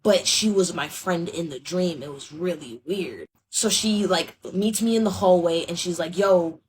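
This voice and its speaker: A woman of about twenty telling a dream story in a relaxed, slangy, wry way. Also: lowish voice, normal speed, breathy edge.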